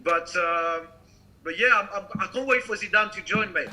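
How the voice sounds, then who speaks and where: A man with a French accent whose voice sits high and sounds very bright and sharp. He speaks as a guest on a live stream, halting and searching for his words. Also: rough recording. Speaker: guest football fan. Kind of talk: casual chat on a live stream.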